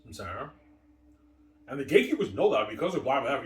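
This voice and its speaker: A man's voice: mid-range voice, very animated, fairly quick, a bit bright, a little hiss or hum. A man ranting in a rambling, profane, aggrieved solo monologue. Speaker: vlogger. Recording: echoey room, far from mic.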